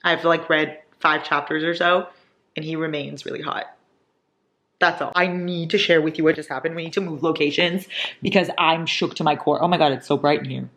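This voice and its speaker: A woman's voice: deep voice, fairly even intonation, brisk, a bit bright. A young woman in her twenties, chatting casually and dramatically in a reading vlog from home. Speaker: book vlogger. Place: indoors at home.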